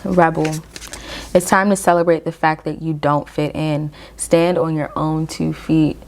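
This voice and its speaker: Low-voiced woman giving a tarot reading. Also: level tone. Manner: encouraging, addresses viewers directly with frequent "okay?"; reads aloud from a guidebook in slow measured phrases. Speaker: tarot reader. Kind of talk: casual tarot reading to camera.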